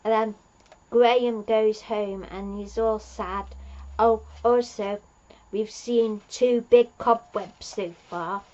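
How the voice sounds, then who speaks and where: A woman's voice: medium pitch, fairly even intonation, slow, a little mellow, lo-fi sound. A woman talking as a fan reviewer, recapping an episode in a chatty, meandering way with lots of fillers and restarts. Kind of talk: rambling plot recap.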